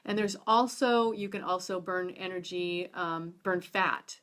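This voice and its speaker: A woman's voice: on the low side, a little slow, fairly bright tone. Lady chatting on a livestream about food, rambly, says hi to viewers as they pop in. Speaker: nutrition talk host. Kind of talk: casual live-stream talk.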